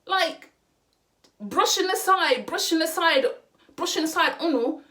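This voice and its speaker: A young woman with a high voice delivers a heated opinion vlog. She hammers her points home by repeating phrases and drops Caribbean and street slang words into her speech as she talks straight to camera. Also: lively intonation, measured pace, sharp tone. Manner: impassioned, repeats phrases for emphasis. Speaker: vlogger.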